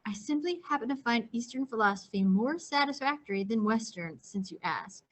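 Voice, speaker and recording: An impatient, know-it-all young man, as a woman reads him aloud who answers in a curt, dismissive way. The voice sits in a fairly high register. It is read aloud from a novel. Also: animated, a little fast.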